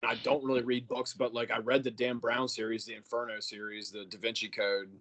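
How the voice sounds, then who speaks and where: A man's voice: mid-range voice, little pitch movement, fairly quick, a bit bright. A man co-hosting a podcast, talking in an easygoing, wry casual chat. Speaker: podcast co-host.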